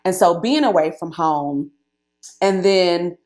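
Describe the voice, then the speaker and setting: A woman in her late thirties, a guest telling her life story in a casual, animated way, laughing often and using many fillers. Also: lowish voice, slow pace. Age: late 30s.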